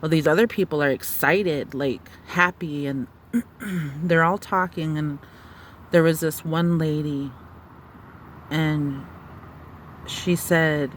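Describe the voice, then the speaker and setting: A woman retelling a dream in a halting, searching way, with many fillers and restarts. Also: low voice, a little hiss or hum. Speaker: storyteller. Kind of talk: personal testimony of a dream.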